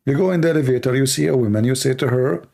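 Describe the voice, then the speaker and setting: On a casual live Q&A stream, a Middle Eastern Christian apologist and native Arabic speaker answers viewers' questions very fast in a mid-range voice. He sounds tired, his dark voice gravelly and hoarse, and he's blunt and sarcastic, piling up rhetorical questions.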